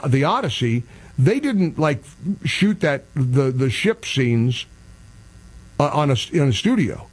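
A man hosting a radio talk show, ranting in a casual, exasperated and self-deprecating way, with a husky voice. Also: a little high. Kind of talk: casual opinionated radio monologue.

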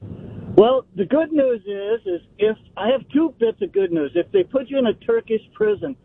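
A man's voice: extremely high pitch, animated, moderate pace, husky. A man calling into a radio show, joking dryly and speaking matter-of-factly. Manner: dry joking, matter-of-fact. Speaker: caller. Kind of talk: call-in radio chat. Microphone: telephone. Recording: tinny phone line.

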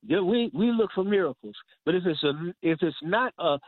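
A man's voice: high voice, animated, moderate pace, dry recording. A man preaching a sermon, emphatic and repeating phrases for stress. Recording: dry, tinny phone-like sound.

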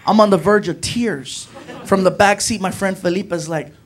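A man doing stand-up comedy, telling a story in an animated, jokey way. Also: sits high, normal speed. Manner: animated, jokey, acts out friends' voices.

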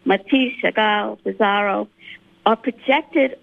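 A woman's voice: mid-range voice, slow, vocal fry. A woman calling into a radio show, eagerly describing a place she visited. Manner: eager, enthusiastic. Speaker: caller. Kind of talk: phone-in radio call. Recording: tinny phone line.

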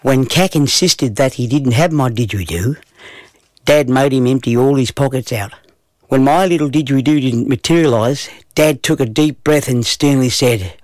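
A man narrating a children's story in a gentle, even way. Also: mid-range voice, normal speed, no echo.

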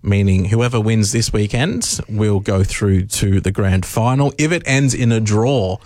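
A man, a newsroom reporter explaining figures in a casual radio chat, measured with frequent ums. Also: fairly low pitch, a little mellow, dry recording.

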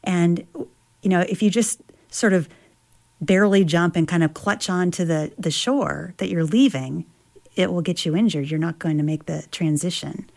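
A woman author and travel writer reads from her memoir and then talks about it reflectively, often pausing to search for words. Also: lowish voice, gravelly, darkish tone. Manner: reflective, with many fillers and restarts.

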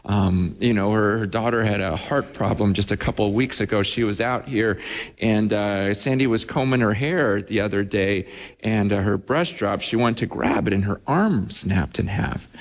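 A male pastor telling a story in a sermon, acting out the people he quotes with lively jumps in his voice. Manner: animated, acts out quotes with big pitch jumps. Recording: long reverb of a large hall.

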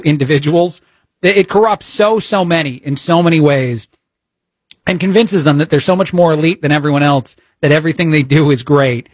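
Indignant talk radio host, fairly high voice. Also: male voice, no echo. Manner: lots of "uh" fillers, indignant and sarcastic. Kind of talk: opinionated talk radio monologue.

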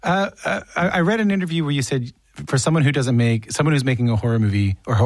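Fast-talking, halting male interviewer. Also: medium pitch, no room sound. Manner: halting, repeats words as he starts. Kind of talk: casual interview questions.

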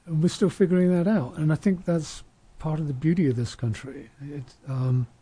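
A man's voice: on the high side, steady tone, moderate pace, warm tone, slightly rough. A man from outside the US talking reflectively in a casual panel discussion, often restarting his sentences.

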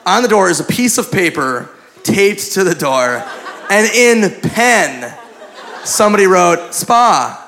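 A stand-up comedian with a high-pitched, sing-song voice tells a crude, profane story slowly, acting out the dialogue. He's on a comedy club stage with a handheld mic before a live audience, and the live recording picks up crowd laughter and noise.

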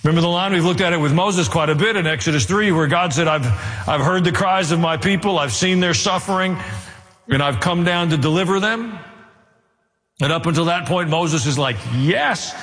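A man's voice: normal speed, a bit bright. Preaching man, long hall reverb. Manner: earnest preaching with dry asides, rising in pitch as he presses the point. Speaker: pastor. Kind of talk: sermon.

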